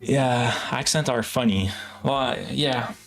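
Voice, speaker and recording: A man's voice: mid-range voice, slow pace, creaky, a bit bright, soft background music. Chatty man with a Quebec French accent. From Quebec, Canada. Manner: rambling, heavy use of "like", frequent restarts. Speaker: live-streaming software developer. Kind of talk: casual livestream chat.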